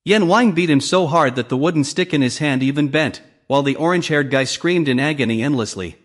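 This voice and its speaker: A man's voice: on the high side, a little fast. A man narrating a comic story recap, reading all the characters' lines in his own voice.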